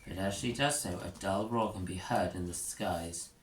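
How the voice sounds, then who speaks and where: Male narrator, low voice, second-person storybook; echoey room, faint hiss. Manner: measured, descriptive reading. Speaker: audiobook narrator.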